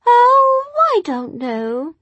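A high, wildly swooping young woman's voice that lingers on every word as she plays the innocent, put on by a woman reading aloud. She coaxes and flutters, all soft pleading, in a storybook reading. The sound is close and dry. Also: big pitch swings, extremely slow, dry recording, exaggerated voice. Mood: faltering. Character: young woman feigning devotion to her captor.

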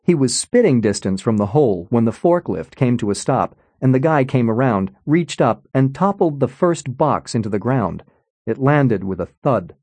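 Expressive male audiobook narrator. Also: mid-range voice, moderate pace, no room sound. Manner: expressive storytelling. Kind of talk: scripted narration.

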